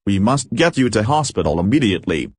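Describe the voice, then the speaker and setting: A man's voice: fairly low pitch, big pitch swings, brisk, husky, no room sound, studio quality. A man voicing a stern male prison governor who speaks in a curt, scathing way. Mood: stern, scornful.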